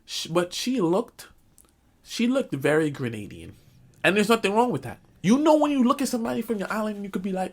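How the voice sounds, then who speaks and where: A man's voice: high voice, sing-song, a little fast. A young man telling a comic school story in a storytime vlog, acting out quotes. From Jamaican family, Caribbean community. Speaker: vlogger.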